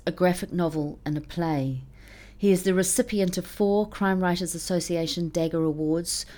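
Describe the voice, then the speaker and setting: A woman reading a scripted podcast introduction as festival director, measured and formal. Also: on the low side, mellow.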